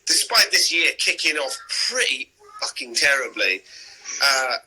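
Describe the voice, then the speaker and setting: A man's voice: medium pitch, very animated, a little slow, sharp tone, slightly rough, rough recording. A man, an actor, chatting casually on a live video stream, rambling and often restarting his sentences. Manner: chatty, rambling, self-interrupting. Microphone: video call.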